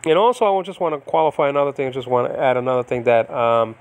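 A man's voice: mid-range voice, fast. A middle-aged man from the United States giving a casual Bible study lesson from his home, rambling with many fillers and restarts. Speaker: Bible teacher. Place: home in the Philippines.

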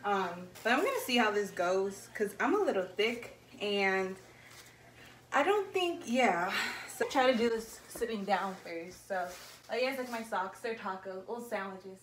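A woman vlogger chatting casually and talking at the camera, chatty and self-mocking, quick to apologize. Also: mid-range voice, animated. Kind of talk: casual vlog chat.

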